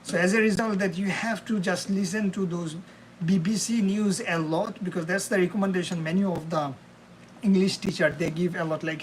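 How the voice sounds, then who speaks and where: A young man with a high, steady voice talks a little fast while cooking on a live stream in his home kitchen. He rambles to his viewers, calling them "bro" and "man," over a little hiss or hum.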